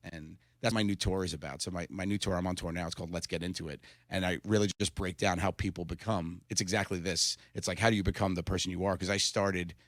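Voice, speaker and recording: A man's voice: deep voice, fast talker, hardly any pauses, no room sound, studio quality. A middle-aged man, a comedian guest, telling stories in a casual interview and laughing often. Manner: animated storyteller, laughs often.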